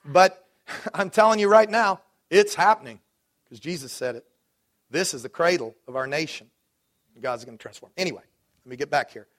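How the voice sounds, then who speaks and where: A man in his forties preaching with fervor in a high, ringing voice. He builds to loud declarations and then drops into easygoing, chatty stories about his own life. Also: moderate pace, pauses often. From Dallas, Texas. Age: 40s. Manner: preaching with rising fervor and warm asides. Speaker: pastor. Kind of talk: sermon.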